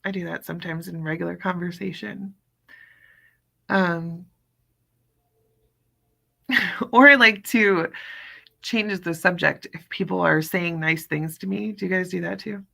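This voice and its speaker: Bright-voiced chatty woman host. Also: on the low side, steady tone, unhurried, creaky, pauses often. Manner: chatty, storytelling, many fillers. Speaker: podcast host. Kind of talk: casual livestream chat.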